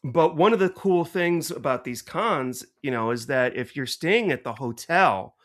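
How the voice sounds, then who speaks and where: A middle-aged man with a fairly high, bright voice whose pitch swings widely. He tells stories in an animated, chatty podcast way and laughs often. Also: measured pace. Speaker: podcast co-host. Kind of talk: casual podcast chat.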